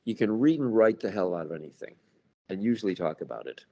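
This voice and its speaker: A man with a low, gravelly voice talks in a relaxed interview. He tells stories with a wry edge and acts out little scenes of party small talk. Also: quick pace, lo-fi sound, slight background noise. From United States. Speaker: author and paranormal researcher.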